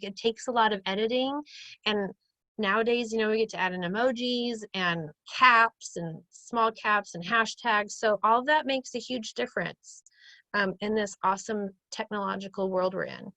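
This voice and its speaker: A woman's voice: on the high side, bright, forceful tone, dry recording, rough recording. Upbeat chatty woman hosting a chat. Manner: chatty and upbeat, acts out quoted lines. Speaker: group chat host. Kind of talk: casual motivational group video chat.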